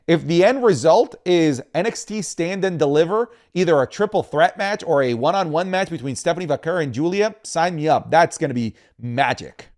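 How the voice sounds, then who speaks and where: Animated, higher-voiced podcast guy. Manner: animated and opinionated, with frequent restarts. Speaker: podcast co-host. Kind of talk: casual chat.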